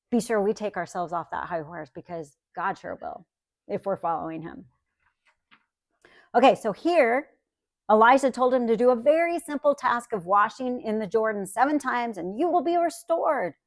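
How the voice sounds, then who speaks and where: A woman's voice: medium pitch, no room sound, studio quality. A woman Bible teacher giving a conversational teaching talk, often checking in with listeners by asking "right?".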